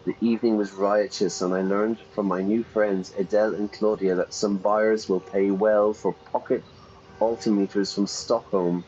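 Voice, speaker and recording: A man's voice: on the low side, fairly even intonation, darkish tone, muffled recording, a little hiss or hum. A man teaching English while reading a game's story text aloud, playfully stopping to explain words and correct himself. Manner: playful, pauses to gloss vocabulary and self-correct. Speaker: English teacher streaming a game.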